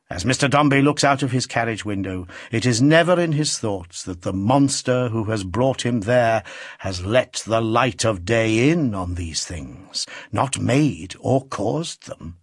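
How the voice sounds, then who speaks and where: A man narrating a classic novel as an audiobook, reading in an expressive, theatrical manner. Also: medium pitch, breathy edge, no echo, studio quality.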